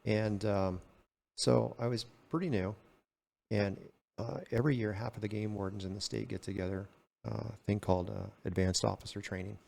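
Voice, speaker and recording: A man's voice: on the low side, steady tone, moderate pace, creaky, a little mellow. An older retired man telling stories in a casual way and acting out both sides of the dialogue. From California. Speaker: retired game warden, podcast guest. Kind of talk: casual storytelling.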